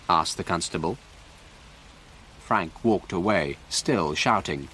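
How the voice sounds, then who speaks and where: A man narrating a graded story for English learners in a slow, clear, expressive way. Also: low voice, a little hiss or hum.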